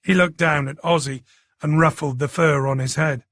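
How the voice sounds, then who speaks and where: A man narrating a thriller audiobook in a steady, even storytelling manner. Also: a little high, normal speed, no echo, studio quality.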